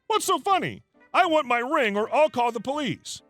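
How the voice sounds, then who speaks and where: A man voicing a brazen, pushy woman customer who lies, in a high, excited, demanding tone. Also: moderate pace, dry recording, soft background music, full character voice.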